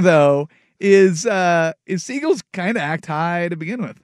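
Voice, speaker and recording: A man hosting a sports radio show, giving relaxed analysis and bantering with his co-host. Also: high-pitched, a little slow, dry recording. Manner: conversational, loud bursts of excitement.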